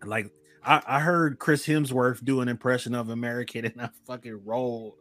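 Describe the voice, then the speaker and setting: Male co-host, easygoing casual chat, mid pitch. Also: steady tone, normal speed, fairly bright tone, faint music behind. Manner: easygoing, laughs often. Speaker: podcast co-host.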